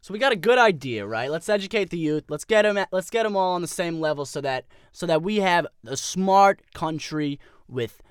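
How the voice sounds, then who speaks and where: A man's voice: high voice, animated, normal speed, few pauses, smooth, no echo, studio quality. A man playing a blustery, easily worked-up political pundit who rants as co-host of a parody podcast. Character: blustery hot-headed male political pundit.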